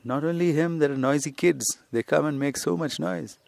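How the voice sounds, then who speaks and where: With a higher-than-average pitch, vocal fry and a darkish tone, a man talks at normal speed with no room sound. He's a podcast host and spiritual teacher improvising a lesson on an outdoor hillside, rambling conversationally with plenty of "you see."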